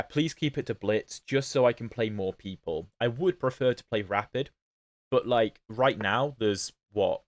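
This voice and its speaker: A man with a lowish voice, recorded dry, chats casually over his chess games on a livestream. His British accent isn't fully standard, and he answers chat questions as he plays.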